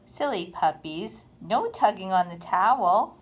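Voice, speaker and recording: A woman reading a children's picture book aloud in an expressive, sing-song storytime manner. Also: medium pitch, takes it slowly.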